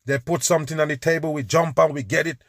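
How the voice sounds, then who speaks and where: A man's voice: a little high, fairly even intonation, fast talker, fairly bright tone, dry recording. Scornful man ranting, dry close mic. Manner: scornful, preachy, repeats "people". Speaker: podcast host reacting to clips. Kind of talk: ranting commentary over video.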